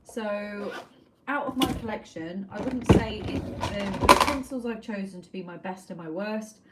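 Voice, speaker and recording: A woman's voice: mid-range voice, unhurried, heavy background noise. A woman from Wiltshire, chatting casually and rambling as she swatches art pencils on a livestream, mocking herself and reading out chat messages. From Wiltshire, England.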